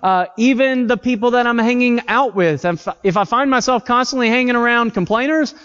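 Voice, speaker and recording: A man's voice: extremely high pitch, brisk, fairly bright tone, smooth. A man preaching a sermon in an earnest, conversational way, telling stories and reading scripture. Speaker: pastor. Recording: dull audio with long hall reverb.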